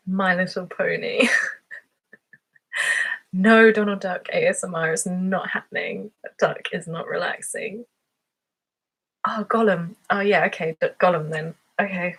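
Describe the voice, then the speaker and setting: A woman's voice: fairly low pitch, measured pace, vocal fry, long pauses, breathy edge. A woman hosting her ASMR channel's live stream who chats casually, reads out viewer comments and giggles often. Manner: chatty and giggly, laughs often.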